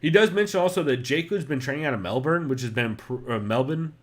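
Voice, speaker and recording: Brief: male podcast host, mid pitch, rambling casual delivery, swears freely. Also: fast talker. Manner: loose and profane, many fillers.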